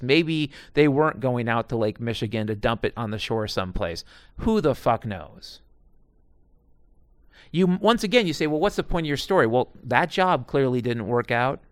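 A man's voice: mid-range voice, a bit bright, clean tone, dry recording, studio quality. A man in his forties or older telling stories from his past jobs in a digressive, profane way, full of asides and restarts. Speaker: storyteller recounting past jobs. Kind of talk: casual rambling monologue.

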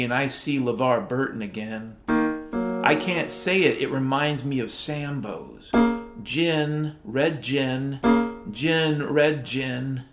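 Sardonic middle-aged man in a comic rant. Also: mid-range voice. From Washington state, USA. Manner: profane, sardonic, rambling. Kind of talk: comedic spoken-word monologue. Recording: roomy echo with music underneath.

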